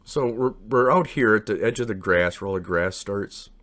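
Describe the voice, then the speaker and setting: A man with a low voice tells a long, wandering personal story in casual, unpolished speech. He keeps acting out what people said, and his voice jumps higher in those quoted bits. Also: normal speed. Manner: rambling, animated, acts out quotes with raised pitch.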